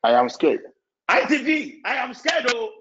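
A man preaching an evening sermon in an emotional, repetitive way, with sudden shouts. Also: extremely high pitch, wildly swooping pitch, normal speed, lo-fi sound.

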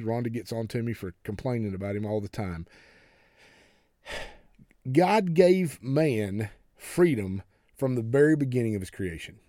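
A man preaching a sermon in a folksy, conversational way, with restarts and repeated words, slowing down hard on key phrases. He is from the United States. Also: medium pitch, mellow, dry recording, clean studio sound. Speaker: pastor.

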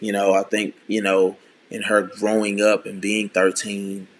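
Guy in his 30s, lowish voice, earnest and halting, keeps restarting, personal story. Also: monotone, a little hiss or hum. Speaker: speaker sharing a personal testimony. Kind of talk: candid personal talk.

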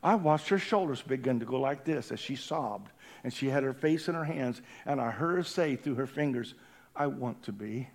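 A man preaching a sermon in a church, impassioned, swinging from hushed tones to shouting. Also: mid-range voice, moderate pace, gravelly. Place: church building during a service.

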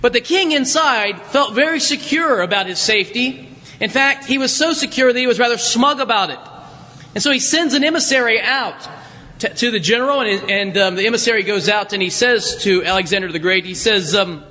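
A man with a high, bright voice tells a story to an audience, chatty and full of restarts. His voice rings in a reverberant hall. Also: brisk. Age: adult, worked a job at seventeen years ago. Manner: conversational with frequent restarts. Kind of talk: storytelling illustration in a talk.

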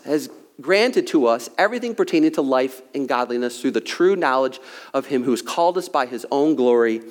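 A man preaching a sermon as a pastor, emphatic and repetitive, sometimes joking at his own expense, out of breath. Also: on the high side. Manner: emphatic preaching with repeated phrases and self-deprecating asides. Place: church sanctuary. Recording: long hall reverb.

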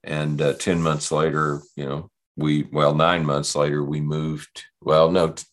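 Deep-voiced guy in his 60s telling his story, easygoing and rambly, lots of restarts. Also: flat delivery, measured pace. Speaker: guest. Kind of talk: storytelling interview.

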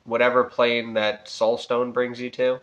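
A young man in casual podcast chat, animated and swearing, jumping high when he quotes himself. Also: unhurried. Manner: animated storyteller, swears a lot, jumps up high in quoted voices. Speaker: podcast co-host. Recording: roomy, dull sound.

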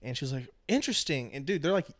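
Casting note: young guy, podcast co-host, rambling storyteller, crude and animated. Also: mid-range voice, rapid-fire. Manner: loose storytelling, swears a lot, mimics people. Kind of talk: casual chat.

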